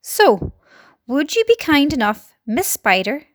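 A woman voicing an old male grasshopper in a storybook, speaking slowly and scornfully. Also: high voice, big pitch swings, no room sound, clean studio sound, heavily acted. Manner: slow and scornful.

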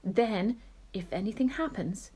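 A woman voicing an old, gentle and wise male grasshopper in a storybook reading, sometimes in a soft, breathy whisper. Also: mid-range voice, lively intonation, measured pace. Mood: calm.

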